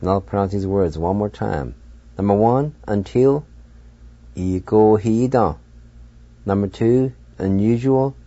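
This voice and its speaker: A man hosting a radio language lesson, patiently spelling out words letter by letter and pronouncing each one slowly. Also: on the low side, dark tone, dry recording, highs cut off. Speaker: radio language teacher and host.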